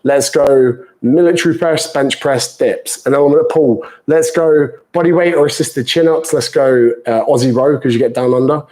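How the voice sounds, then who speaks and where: A man's voice: mid-range voice, normal speed, few pauses, a little mellow, poor audio. A British man, a fitness coach, answering viewer questions live in a chatty, banter-filled way and calling people mate.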